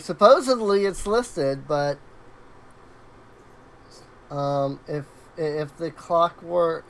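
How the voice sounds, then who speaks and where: A woman narrating a tabletop game as game master, halting with many fillers and restarts. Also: sits low, a little hiss or hum, low-quality recording.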